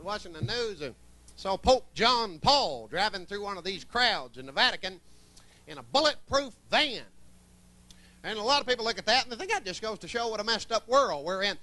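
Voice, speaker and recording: A man's voice: high-pitched, sing-song, moderate pace, sharp tone. A man with a Southern accent from Georgia doing a folksy, wisecracking stand-up set in a comedy club. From Columbus, Georgia, US.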